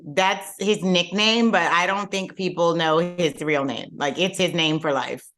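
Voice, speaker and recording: A middle-aged woman with a low voice tells her story on a casual podcast. She laughs easily, and her pitch springs up when something amuses her. Her talk is warm and candid, with lots of loose fillers. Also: measured pace. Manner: lively storyteller, laughs often, jumps high when amused. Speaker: guest entrepreneur.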